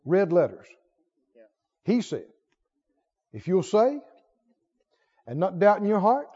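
Male preacher, high and lively, folksy and emphatic, church hall reverb. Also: takes it slowly, husky. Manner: animated, rising to emphatic exclamations, conversational asides. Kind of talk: sermon. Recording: dull audio with long hall reverb.

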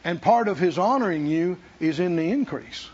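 A man's voice: high-pitched, expressive, moderate pace, a little mellow, breathy edge, lo-fi sound. A man preaching a sermon as pastor, emphatic and repetitive in a church.

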